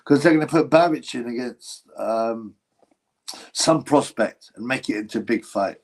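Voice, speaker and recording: A man's voice: mid-range voice, moderate pace, gravelly, low-quality recording. A man hosting a casual boxing livestream, reading chat and giving blunt, mocking opinions.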